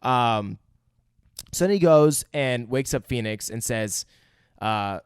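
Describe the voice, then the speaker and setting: Young male podcast co-host, smooth clear tone, dry close mic, casual profane film recap. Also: mid-range voice, animated, slow, dry recording. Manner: loose, profane retelling of film scenes. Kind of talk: casual movie-review chat.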